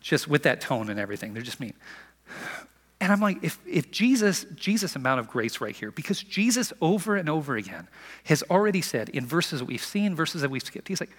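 Guy pastor preaching, lively and chatty, big echoey hall sound. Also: on the high side, brisk, husky. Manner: animated, acts out quotes in a conversational voice. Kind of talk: sermon.

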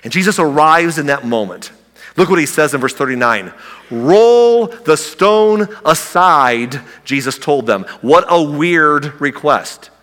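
A male pastor preaches with a bright, forceful voice pitched a bit high. He tells the story casually and with humor. The long reverb of a big church hall trails after every phrase. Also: expressive, moderate pace. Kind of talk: sermon.

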